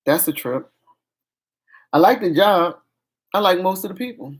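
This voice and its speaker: A woman's voice: on the low side, animated, moderate pace. A middle-aged woman, venting frankly in a casual vlog chat. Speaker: vlogger.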